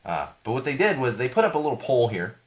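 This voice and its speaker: A man hosts a casual live podcast, his voice hoarse and fading. He rambles, corrects himself and turns indignant, with a pitch that jumps around a lot. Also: sing-song, fast talker. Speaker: podcast host.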